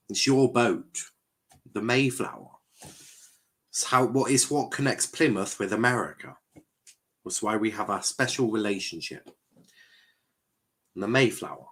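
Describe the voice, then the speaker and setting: A man's voice: lowish voice, a bit bright. A young man, commenting casually on a live football match while chatting with viewers. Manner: chatty, reacting to play and reading chat aloud. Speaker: watchalong streamer.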